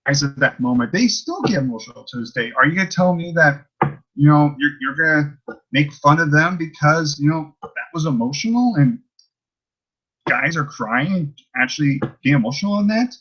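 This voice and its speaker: A man's voice: on the high side, lively intonation, normal speed, sharp tone. Rambling exasperated man, lo-fi sound. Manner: rambling, exasperated, many restarts and fillers. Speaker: YouTuber ranting about a commenter. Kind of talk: casual vlog rant.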